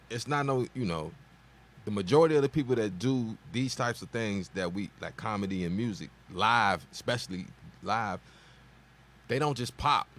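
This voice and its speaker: A man's voice: lowish voice, normal speed, a bit bright. A man co-hosting a radio talk show, speaking thoughtfully and restarting his sentences as he works out his point.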